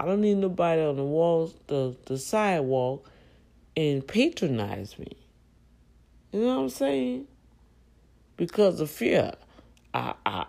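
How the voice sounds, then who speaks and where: Middle-aged show host, slow and gravelly, emphatic and repetitive. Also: medium pitch, darkish tone, rough recording. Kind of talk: casual monologue show.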